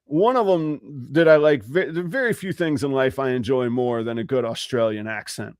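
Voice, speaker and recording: A man co-hosting a podcast, telling stories in an animated, rambling way during casual chat. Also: medium pitch, normal speed, no room sound, studio quality. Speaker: podcast co-host.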